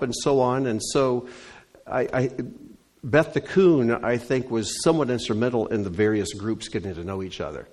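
A man leads a congregation gathering, relaxed and chatty. His voice sits at an ordinary middle pitch, and he drifts easily from one story to the next as he answers the room. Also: moderate pace. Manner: folksy storyteller. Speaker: congregation leader. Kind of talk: conversational report and Q&A.

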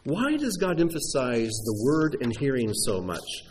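A man preaching a sermon, explaining Hebrew words with an animated teaching manner. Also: medium pitch, unhurried, a little hiss or hum.

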